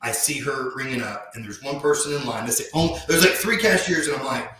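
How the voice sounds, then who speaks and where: Male podcast guest, sincere reflective storyteller, mid-pitched, heavy room echo. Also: animated, pushed and bright, slight background noise. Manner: heartfelt, reflective, often slows down for emphasis. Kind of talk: earnest personal storytelling. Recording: very echoey room.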